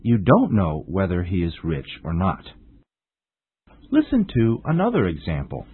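Man, English lesson host, very husky voice, lively swooping pitch, tinny phone-like audio. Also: no echo. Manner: slow, deliberate example phrasing. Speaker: English teacher. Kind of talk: scripted radio language lesson.

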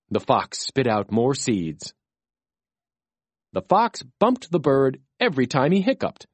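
Slow storybook reader, voice swoops all over, dead dry room. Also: medium pitch, slightly rough, no room sound. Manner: slow, very expressive reading. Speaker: narrator. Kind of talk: children's storybook reading.

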